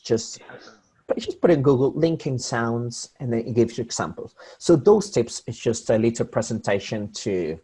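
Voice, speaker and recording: A man's voice: medium pitch, animated, moderate pace, warm tone, slightly rough. A man teaching an English pronunciation lesson. He repeats example words over and over and often restarts his phrases while he explains.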